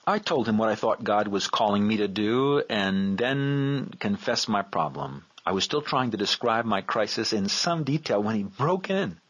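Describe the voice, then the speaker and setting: Earnest man with a low, husky voice. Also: expressive, moderate pace, hardly any pauses, fairly bright tone. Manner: earnest, reflective. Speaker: author reading his devotional book. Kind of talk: scripted devotional narration. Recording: dull lo-fi recording.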